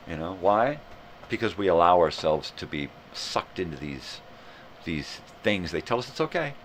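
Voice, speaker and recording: Deep-voiced ranting man. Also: moderate pace, slight background noise. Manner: rambling, profane, animated. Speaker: live show host. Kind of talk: casual rant.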